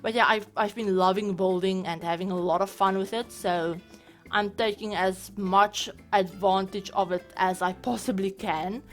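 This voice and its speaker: A woman talks in a loose, chatty voice-over, circling back and restarting her thoughts with plenty of fillers. Her pitch sits in an ordinary middle range. Soft music plays faintly under her voice. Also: steady tone, normal speed. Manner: rambling, lots of "like" and restarts. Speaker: Sims building channel host. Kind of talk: casual voice-over commentary.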